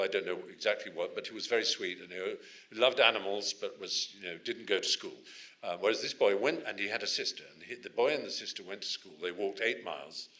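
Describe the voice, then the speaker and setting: In a lecture hall, a man in his sixties from England gives a storytelling talk as a guest speaker to students. His fairly low voice has a sharp tone, and he often restarts his sentences while telling anecdotes.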